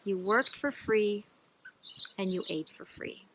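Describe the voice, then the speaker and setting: A woman's voice: mid-range voice, slow, background noise, natural voice. A woman doing a friendly charity house owner. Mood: welcoming. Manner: friendly, calm explaining.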